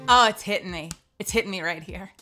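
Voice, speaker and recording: A young woman casually commenting on a video game as she plays it, excitable, gushing and chatty. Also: mid-range voice, fast. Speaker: streamer playing a game. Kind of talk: casual let's-play commentary. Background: game music.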